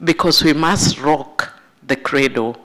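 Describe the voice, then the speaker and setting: A middle-aged Kenyan woman, a member of parliament, giving an emotional, halting public speech. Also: deep voice, very noisy. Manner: emotional, halting, apologizes for her feelings. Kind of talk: public speech at a side event. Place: conference room.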